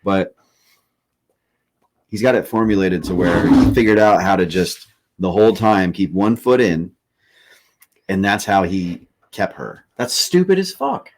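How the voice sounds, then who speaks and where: Man, low-ish voice, casual podcast storyteller, swears a lot, rambles. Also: measured pace, long pauses, darkish tone. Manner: loose, profane storytelling with frequent fillers. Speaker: podcast host. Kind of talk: casual chat.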